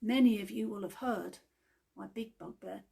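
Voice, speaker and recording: A woman giving a gentle devotional talk in an unhurried, chatty storytelling manner. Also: medium pitch, gravelly, husky.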